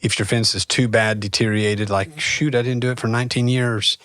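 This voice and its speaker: A man's voice: mid-range voice, fairly even intonation, a little fast, fairly bright tone, no echo. Plainspoken man co-host, dry sound. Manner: practical, plainspoken, joking exaggeration. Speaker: podcast co-host giving home repair tips. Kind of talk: casual how-to chat.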